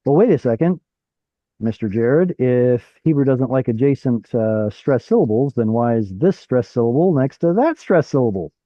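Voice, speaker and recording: A man's voice: mid-range voice, lively intonation, normal speed, dry recording, lo-fi sound. A man teaching an online Hebrew class, explaining while thinking aloud and asking his students questions. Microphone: video call.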